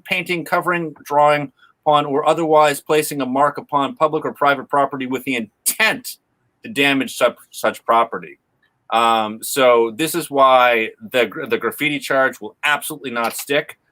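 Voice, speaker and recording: A man's voice: mid-range voice, sharp tone, low-quality recording. A man talking as a guest in a casual panel chat, full of restarts and fillers. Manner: halting, many restarts and fillers.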